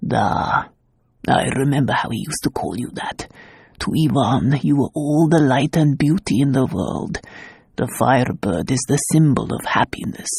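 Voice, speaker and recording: Woman putting on a gruff, gravelly uncle. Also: expressive, normal speed, darkish tone, no echo, heavily acted. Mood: tender. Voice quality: low, gravelly and husky. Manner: grave, blunt and stern. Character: gruff, protective middle-aged uncle. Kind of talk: audiobook character voice.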